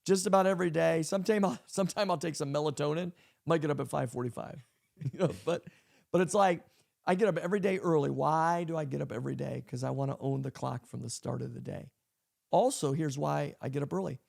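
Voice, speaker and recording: High, gravelly-voiced pastor talking leadership. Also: male voice, quick pace, a little mellow. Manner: emphatic, repeats key lines for effect. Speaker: pastor and podcast host. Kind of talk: casual leadership talk on a podcast.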